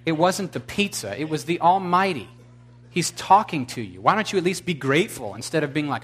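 A male pastor with a bright, forceful tone and a fairly high voice, preaching with fervent emphasis. He puts questions to his congregation and slips in blunt, wry humor between the exclamations. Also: very animated, fairly quick, slightly rough. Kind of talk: sermon.

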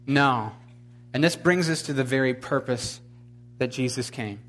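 Delivering a forceful sermon, this pastor puts questions to his congregation, adds dry, blunt jokes, and rises to fervent exclamations. He speaks at a measured pace in a medium-pitched, fairly bright voice.

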